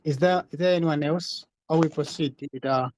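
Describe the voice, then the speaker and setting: A man's voice: a little high, moderate pace, a little mellow, slight background noise. A man hosting a podcast discussion, explaining his point earnestly over an online call, often restarting words as he goes. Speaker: podcast host. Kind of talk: casual discussion.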